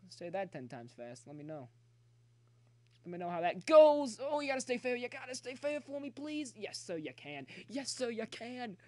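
A man's voice: very high-pitched, moderate pace, hardly any pauses, dry recording. A young man streaming a baseball video game, commenting live, cheering his players and chatting to his viewers. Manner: excitable, talks to chat, cheers players on. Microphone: phone.

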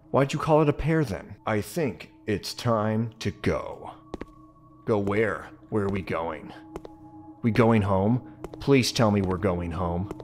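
A man hosting a let's-play video, giving joking, sarcastic commentary as he plays. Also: on the low side. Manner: animated, joking, sarcastic asides. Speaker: gaming video host.

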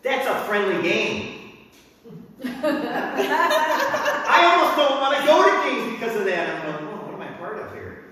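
A middle-aged man preaching a sermon as pastor, animated and bursting into shouts when he acts out crowds and drill sergeants. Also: a little high, slight background noise. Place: church sanctuary. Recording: echoey hall, mic from a distance.

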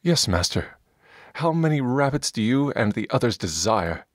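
A man's voice: medium pitch, sing-song, normal speed, no room sound, clean studio sound, pitched above the performer's own voice. A man doing a timid dim young warrior. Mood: anxious. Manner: timid, eager to please. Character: dim-witted eager young male warrior.

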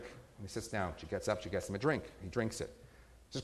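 A rabbi gives a sermon full of jokes and stories, his humorous storytelling building to emphatic peaks. His mid-range voice is expressive and quick, with a big-room sound.

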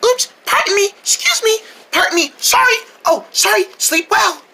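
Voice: sits high, expressive, a little slow, sharp tone, slight background noise, full character voice. A performer doing a sneaky, apologetic cartoon snatcher. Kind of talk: cartoon voice acting.

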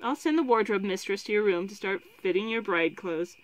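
A woman's voice: medium pitch, brisk, close to an everyday voice, low-quality recording. Woman reader does a firm storybook queen mother, reproving. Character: firm, disapproving royal mother.

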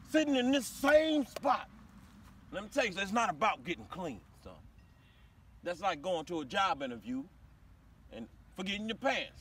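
An actor playing a loud, bossy football coach in a web series, barking orders in folksy slang. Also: male voice, high-pitched, far from the mic, slight background noise, exaggerated voice.

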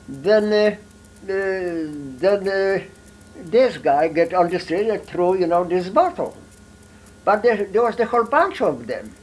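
A man in his eighties with a Polish accent, a war veteran telling his story in halting, broken English with many fillers. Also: high voice, darkish tone, poor audio. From Poland. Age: 80s. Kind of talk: storytelling in an interview.

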